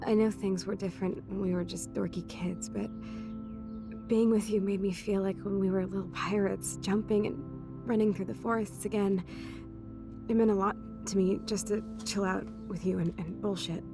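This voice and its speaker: A woman's voice: medium pitch, fairly even intonation, normal speed, over music, natural voice. An actress playing a rebellious young woman who talks casually, teasing and swearing, in a video game. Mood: fond.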